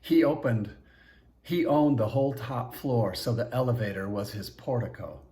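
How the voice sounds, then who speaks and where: A man reading a novel aloud in first-person audiobook narration, in a plain, steady storytelling manner. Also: mid-range voice, moderate pace.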